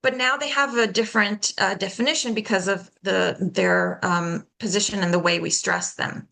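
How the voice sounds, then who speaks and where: Woman instructor with a bright, slightly gravelly voice, patient and explanatory, modeling words slowly. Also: mid-range voice, fairly even intonation. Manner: patient, explanatory, checks in with frequent "okay?"; demonstrates sounds slowly and deliberately. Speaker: pronunciation workshop instructor. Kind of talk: live online workshop teaching.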